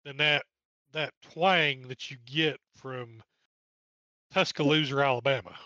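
This East Tennessee-accented podcast co-host has a medium-pitched, bright voice with a forceful tone and a measured pace. He gives a chatty, wry recap of an old race, joking between driver lists, and the dull audio carries no room sound.

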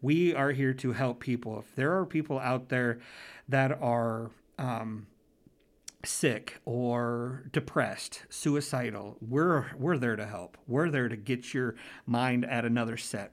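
Guy in his 40s, paranormal investigator, rambling and earnest, keeps restarting sentences, regular pitch. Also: unhurried. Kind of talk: casual storytelling interview.

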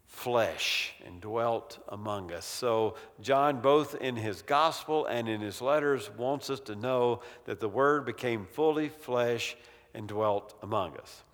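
A man teaching an evening Bible study in a conversational way, slowing down to stress key words. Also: medium pitch, a bit bright, in a large hall.

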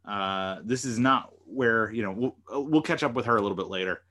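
A podcast host who is also a lawyer recaps a TV episode, animatedly retelling scenes and quoting the characters. His voice is fairly low and a bit bright, and he talks fairly quickly.

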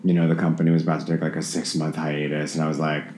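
A man with a very low voice chats as a guest, telling lively stories about his life. He laughs easily and puts on voices when he quotes people. A roomy echo hangs around his voice, with a faint hiss behind it. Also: rapid-fire. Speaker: guest, dancer and dance professor. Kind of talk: casual storytelling conversation.

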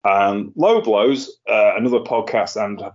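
A man's voice: fairly low pitch, unhurried, darkish tone. A man hosting a casual podcast, chatty and rambling, often laughing at his own jokes. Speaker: podcast host. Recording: lo-fi muffled sound.

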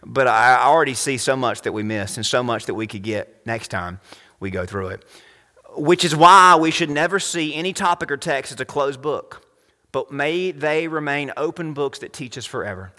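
A male pastor preaching a sermon, animated and full of rhetorical questions, swinging between loud and hushed. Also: mid-range voice, normal speed, in a large hall.

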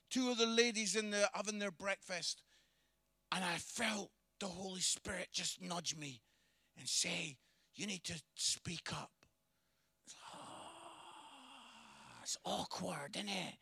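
A man preaching a lively sermon, telling a story with humour and acting out the people in it. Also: high voice, no room sound. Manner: animated, humorous, acts out dialogue.

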